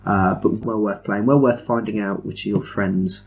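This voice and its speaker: A man chats on a podcast in a lowish voice. He explains things with eager enthusiasm, rambles, and keeps adding self-mocking asides. His casual talk sounds like a conversation among friends. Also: fairly even intonation, normal speed, vocal fry, darkish tone, dull audio. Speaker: podcast host.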